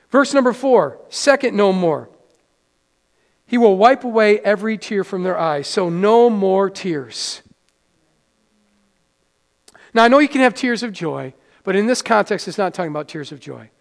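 A middle-aged man preaching a sermon in a church in a conversational way, stumbling over restarts and sinking to soft, quiet lows. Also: lively intonation, normal speed, creaky. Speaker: pastor. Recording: long hall reverb.

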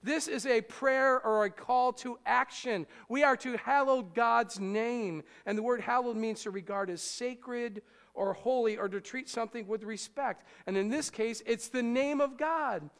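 Male pastor, high voice, conversational sermon delivery, long church reverb. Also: unhurried, a bit bright, smooth. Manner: conversational, asks the congregation questions.

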